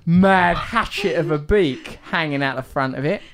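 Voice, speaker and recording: A man's voice: a little high, a little slow, fairly bright tone, dry recording. Podcast host guy, rambly and jokey, lots of uh and like, dry close sound. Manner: rambling, jokey and teasing, with many fillers. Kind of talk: casual podcast chat.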